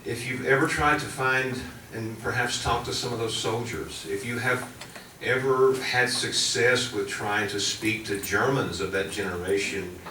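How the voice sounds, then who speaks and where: Polite, halting man in an echoey hall. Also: mid-range voice, fairly even intonation, pushed and bright. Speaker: history teacher asking a question. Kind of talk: audience question. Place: large college hall. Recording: echoey hall from far off, faint noise.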